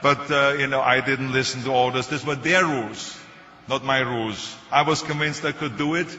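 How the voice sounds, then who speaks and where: A man's voice: medium pitch, fairly even intonation, moderate pace, pushed and bright, slight background noise. An older man with a German accent gives a speech. He tells stories with a joking edge. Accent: German-accented English. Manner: joking anecdotal storytelling. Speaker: motivational speaker. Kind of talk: public speech. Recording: echoey hall, dull sound.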